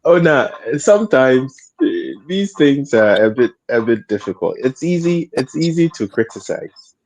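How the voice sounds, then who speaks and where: A man's voice: medium pitch, big pitch swings, unhurried, a little mellow. Hesitant man on a panel. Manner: hesitant, repeats words, laughs often while talking. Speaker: panel guest. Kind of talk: studio panel discussion.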